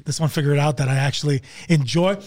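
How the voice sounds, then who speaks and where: A man's voice: fairly even intonation, fast, a little mellow. A male comedian telling a story on a podcast in casual chat, swearing constantly and acting out quoted dialogue. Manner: acts out quoted dialogue with big pitch jumps. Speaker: comedian guest.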